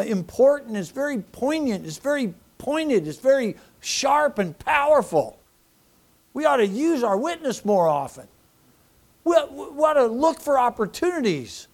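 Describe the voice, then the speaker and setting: A middle-aged man, a pastor, preaching a sermon in a folksy, rambling way and telling personal stories. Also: very high voice.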